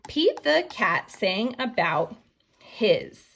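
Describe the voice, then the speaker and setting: A woman teacher talks young children through a writing lesson at a very unhurried pace. She sounds out each word letter by letter. Her voice carries a gravelly, creaky edge. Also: mid-range voice, very animated, fairly bright tone, a little hiss or hum. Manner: slow, sounding out words letter by letter.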